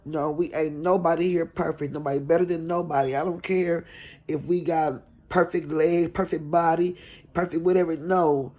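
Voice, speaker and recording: Speaking at a moderate pace, her mellow voice sitting low with fairly even intonation, a middle-aged caregiver makes a vlog about showing compassion. The talk is sincere and sermon-like, pleading and repeating itself.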